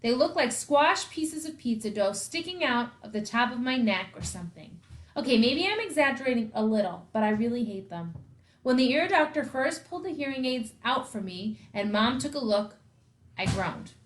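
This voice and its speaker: A woman, a school principal, reading a children's novel aloud with expressive first-person storytelling. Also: fairly high pitch, normal speed.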